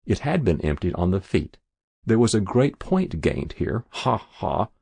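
A man narrates a story in a low, gravelly voice with a husky edge. His delivery is measured and dramatic. The recording is close and dry, with no room sound. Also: wildly swooping pitch, warm tone, no echo.

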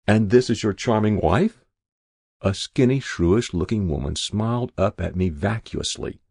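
Man, story narrator, low, gravelly, husky, lively pitch, dry close sound. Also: dry recording. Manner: dry first-person narration, voicing each figure lightly. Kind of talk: audiobook reading of a story.

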